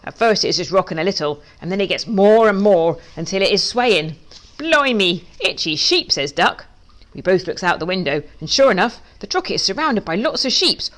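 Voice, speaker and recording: A woman, a children's author, reading her storybook aloud in a lively, playful way. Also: fairly low pitch.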